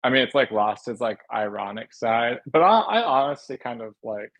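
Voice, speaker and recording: A man in his thirties, a guest on a podcast, talking in a rambling, hesitant way full of fillers, with a gravelly voice. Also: medium pitch, big pitch swings, moderate pace, fairly bright tone, no room sound. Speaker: podcast guest, shoe designer. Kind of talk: casual chat.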